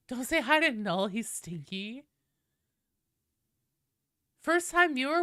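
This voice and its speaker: A woman streaming live while sick with a cold, chatting casually and shouting loud, profane greetings to her viewers. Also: high voice, very animated, slow pace, pauses often, no room sound, clean studio sound.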